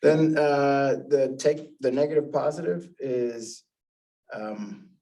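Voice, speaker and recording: A man in a class, explaining sales lines in a measured way and acting out the scripts. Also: medium pitch, mellow. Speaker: class participant. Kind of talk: classroom discussion. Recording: echoey room, mic far off.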